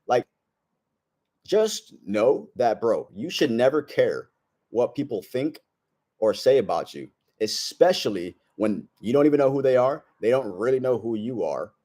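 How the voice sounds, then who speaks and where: A man's voice: medium pitch, big pitch swings, measured pace, mellow. A young man in a brash, slangy vlog monologue, telling a story and giving blunt advice. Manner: brash slangy storytelling, says bro a lot. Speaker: self-improvement vlogger. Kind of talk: casual monologue to camera.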